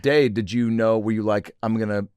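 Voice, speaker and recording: A man's voice: lowish voice, steady tone, normal speed, darkish tone, clean tone, no echo. A man hosting a podcast in casual chat, laid-back and prodding his guest with short questions and reactions. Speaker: podcast host.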